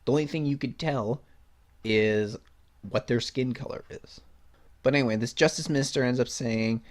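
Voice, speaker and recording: A man's voice: mid-range voice, normal speed. A young man hosting a podcast, giving blunt, sarcastic opinions and reading news clippings aloud, swearing and laughing at his own points. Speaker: podcast host.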